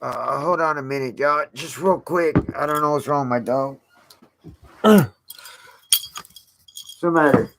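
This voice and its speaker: Man, channel host, casual stream talk, rambling with fillers, unhurried. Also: on the high side, vocal fry, a bit bright, a little hiss or hum. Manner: rambling, lots of fillers and repeats.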